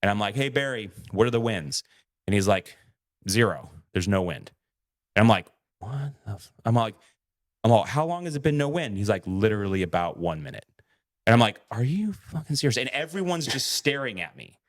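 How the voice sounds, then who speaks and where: A man's voice: on the low side, lively intonation, a little fast. A man co-hosting a podcast, telling a story in a casual way, acting out quoted lines and swearing freely. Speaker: podcast co-host.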